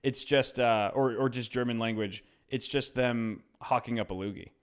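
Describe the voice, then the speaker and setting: A man's voice: mid-range voice, fairly even intonation, normal speed, clear, resonant tone. A man co-hosting a podcast in casual chat, joking and riffing with a loose, playful manner. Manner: joking, riffs with silly voices, says "dude". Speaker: podcast co-host.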